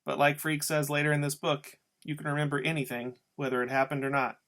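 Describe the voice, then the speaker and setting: A man's voice: fairly high pitch, little pitch movement, fairly quick, fairly bright tone. A man reading a novel aloud as an audiobook, telling the story in a casual first-person voice. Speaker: audiobook reader.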